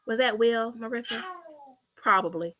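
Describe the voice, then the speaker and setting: A woman's voice: on the high side, moderate pace, bright, forceful tone. A woman hosting a reaction commentary, blunt, mocking and sassy as she replays clips. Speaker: commentary channel host.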